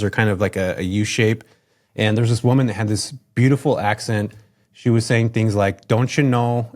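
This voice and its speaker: A man's voice: on the low side, a little mellow. A middle-aged man from California, a podcast guest telling his story in an upbeat, enthusiastic, chatty way. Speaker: podcast guest, real estate investor. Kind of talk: casual storytelling.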